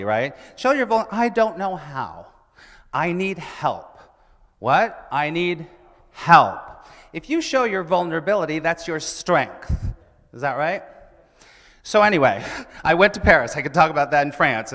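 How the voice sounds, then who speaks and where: Animated man speaking in a church hall. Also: on the high side. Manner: animated, asks the audience questions. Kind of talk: sermon-style talk with stories. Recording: church hall with long reverb.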